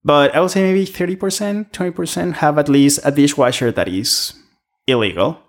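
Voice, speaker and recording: Speaking at normal speed in a voice on the high side, a restaurant worker chats casually as a podcast guest. He tells rambling stories about restaurant work.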